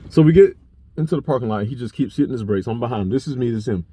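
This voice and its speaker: A young man vlogging, telling a personal story to camera in a blunt, profane, animated way. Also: mid-range voice, very fast, breathy edge. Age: young adult.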